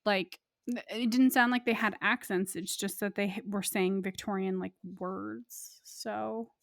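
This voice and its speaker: A woman's voice: mid-range voice, steady tone, unhurried, gravelly, no room sound, clean studio sound. A young woman co-hosting a podcast, chatting casually in an easygoing, wry way. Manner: easygoing, wry, laughs often. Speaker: podcast co-host. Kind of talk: casual chat.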